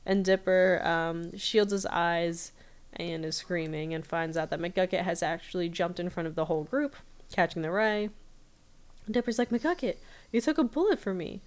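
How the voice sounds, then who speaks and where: A woman's voice: lowish voice, normal speed, clear, resonant tone. A woman podcast host casually recapping a cartoon episode in a chatty storytelling way.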